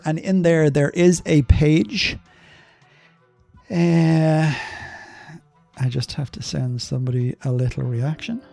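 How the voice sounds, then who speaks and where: A man's voice: fairly high pitch, creaky, dark tone, no echo. An older man streaming a game live, chatting casually and rambling through viewer questions with lots of ums and asides.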